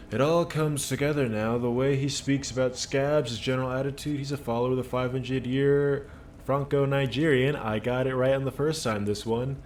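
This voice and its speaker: A man streaming a game, reading its text aloud and commenting in a relaxed, wry way. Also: medium pitch, moderate pace, a little hiss or hum.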